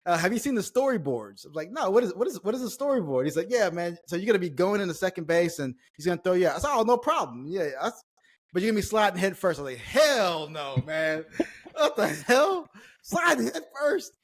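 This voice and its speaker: A man, a former pro baseball player, telling stories as a podcast guest, animated and acting out quoted lines. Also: sits high, quick pace. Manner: animated storyteller, acts out quotes, swears casually. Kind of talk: casual storytelling chat.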